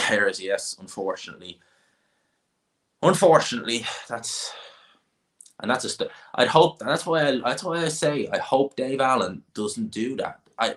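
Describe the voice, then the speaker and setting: On a laid-back livestream, this Irish host works through viewer comments, offering strong opinions as he rambles and keeps starting over. He speaks with a voice on the low side and a fairly bright tone.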